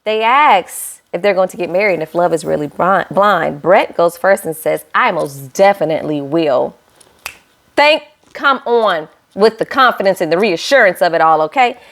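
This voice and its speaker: A woman's voice: lowish voice, moderate pace. Chatty woman recapping a reality show. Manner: chatty and animated, talks straight to viewers with playful asides. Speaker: reality TV reviewer. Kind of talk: casual recap vlog.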